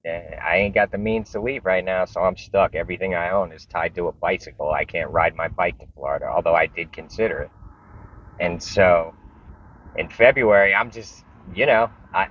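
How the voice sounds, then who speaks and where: A man's voice: low-pitched, fairly bright tone, muffled recording, a little hiss or hum. A man telling a personal story in a casual, rambling way, often repeating words and restarting sentences.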